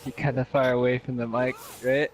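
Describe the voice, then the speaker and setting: A man's voice: little pitch movement, fairly quick. A young man telling a rambling, silly story over gameplay, giggling and acting out the characters in dramatic voices. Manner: giggly, acts out dialogue in squeaky dramatic voices. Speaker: gameplay commentator. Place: at home with parents nearby.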